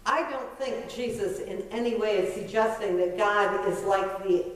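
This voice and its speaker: A woman's voice: mid-range voice, fairly even intonation, a little slow. A middle-aged woman pastor preaching a sermon in a conversational, self-deprecating way, pressing her points with emphasis. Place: church sanctuary. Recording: very echoey church from far off.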